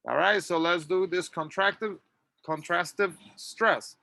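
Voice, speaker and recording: A man teaching an English grammar lesson, reading model sentences slowly and clearly for students to repeat. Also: high voice, bright, forceful tone, no room sound. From Latin America. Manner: slow, drawn-out model sentences.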